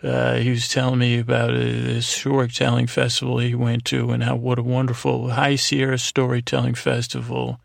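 A man's voice: mid-range voice, monotone, moderate pace, vocal fry, few pauses, no room sound, clean studio sound. A man hosting a podcast, thanking listeners one by one in a loose, rambling way, correcting himself and adding jokey asides. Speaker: podcast host. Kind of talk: casual thank-yous to listeners. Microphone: close studio mic, alone.

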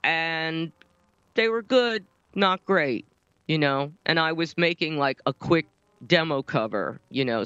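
A man's voice: medium pitch, fairly bright tone, clean tone, no room sound. Man telling rambling stories, lo-fi sound. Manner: rambling storyteller, lots of fillers. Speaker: guest musician. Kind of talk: casual podcast conversation.

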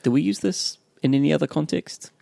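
A man's voice: fairly high pitch, brisk, creaky, dark tone, studio quality. A man co-hosting a language lesson as the learner, checking meanings and echoing phrases back. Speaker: learner and co-host. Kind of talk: bilingual language lesson chat.

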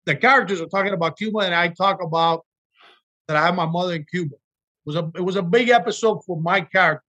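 Speaking quickly with a sharp tone, a man whose voice sits high appears as an actor guest in an informal interview. His stories from work are earnest and emotional, and he restarts himself along the way.

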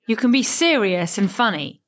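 A woman comedian, a bit tipsy, giving a reflective and heartfelt recorded message with warm laughs. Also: mid-range voice, expressive, normal speed.

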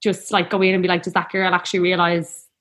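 A woman's voice: fairly low pitch, completely flat delivery, fast, fairly bright tone. A woman telling a personal story in a casual, rambling, heartfelt way. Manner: chatty, rambling, heartfelt, peppered with "like".

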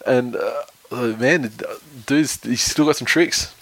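A man's voice: medium pitch, slow pace, fairly bright tone, no room sound. A man chatting casually about football, rambling and swearing a lot and laughing often. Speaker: podcast co-host. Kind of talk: casual sports chat.

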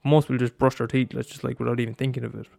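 A man's voice: medium pitch, little pitch movement, very fast, vocal fry, darkish tone, no room sound. A man in a rambling casual monologue, swearing often and restarting his sentences.

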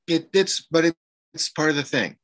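A man, an actor, telling a candid personal story in conversation, halting and emotional with many fillers and restarts. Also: on the high side, fairly bright tone. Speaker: actor guest.

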